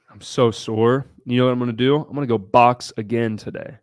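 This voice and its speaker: A man hosting a casual livestream Q&A, talking bluntly with frequent swearing and bursts of excitement. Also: mid-range voice, normal speed, smooth. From United States (Ohio). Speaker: livestream host.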